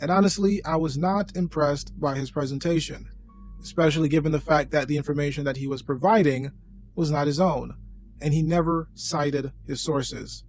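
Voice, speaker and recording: A man's voice: on the high side, steady tone, normal speed, darkish tone, faint music behind. A man narrating a scripted commentary voice-over in a dry, sarcastic tone.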